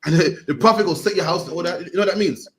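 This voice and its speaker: A man leading a Bible class in a fast, slangy style, tacking "man" onto his lines and urging the reader on. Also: high voice, fairly bright tone. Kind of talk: lively street-style Bible teaching.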